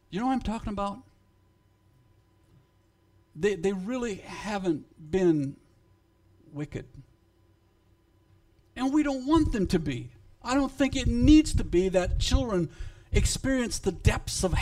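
A man preaching a sermon to his congregation, emphatic and swinging in loudness, halting and repeating words when he speaks off the cuff. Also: high voice. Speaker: pastor.

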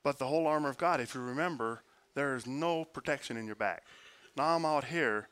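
A man preaching a sermon, earnest, moving between forceful emphasis and quiet, hushed prayer. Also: medium pitch, a little fast. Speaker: pastor.

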